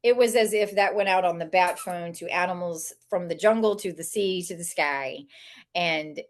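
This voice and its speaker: A woman, an author and animal communicator, telling funny stories in a lively way, laughing often and acting out the voices of people she quotes. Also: on the low side. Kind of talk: storytelling interview talk.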